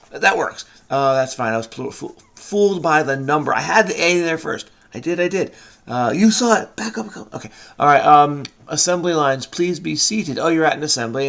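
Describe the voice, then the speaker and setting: A man's voice: mid-range voice, creaky, fairly bright tone. A middle-aged man thinking aloud as he solves a crossword, muttering and hesitant, often trailing off. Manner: muttering, hesitant, many trailing "I don't know"s. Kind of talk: casual think-aloud puzzle solving.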